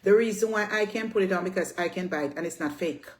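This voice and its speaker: A woman's voice: lowish voice, quick pace. A woman in her fifties with a Jamaican accent, delivering a heated social media rant, brash and scolding, repeating herself and swearing freely. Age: 50s.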